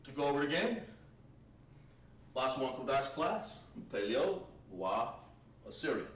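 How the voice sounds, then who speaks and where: A man teaching a livestreamed Hebrew language class, slowly drilling words with lots of repetition. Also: medium pitch, very animated, fairly bright tone. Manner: slow, repetitive, drawn-out pronunciation drills. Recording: roomy echo, distant mic, faint background noise.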